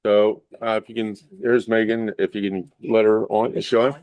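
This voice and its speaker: Man, meeting chair, brisk, plain-spoken, dry room. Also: lowish voice, flat delivery, no room sound, dull audio.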